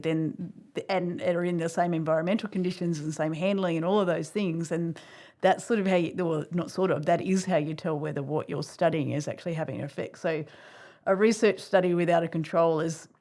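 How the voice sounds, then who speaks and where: A woman with an Australian accent hosts a relaxed podcast conversation in a lower voice. She thinks aloud and reworks her sentences as she goes. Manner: thinks aloud, self-correcting. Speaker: podcast host. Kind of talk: casual conversational interview.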